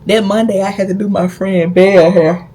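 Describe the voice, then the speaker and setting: A woman's voice: mid-range voice, steady tone, normal speed, mellow, husky. A young woman vlogger telling a personal story in a blunt, profane, emphatic way. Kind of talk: casual storytime.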